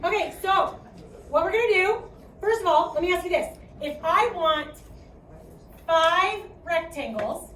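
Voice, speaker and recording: A young woman with a Chicago accent teaches a classroom math lesson in a high voice. She projects her speech and keeps asking "okay?" as she goes. The sound is roomy and echoey, picked up from some distance, with a faint hiss underneath. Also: expressive, measured pace, a bit bright. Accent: Midwestern American, Chicago. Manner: chatty, projecting, asks okay often. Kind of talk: classroom lecture.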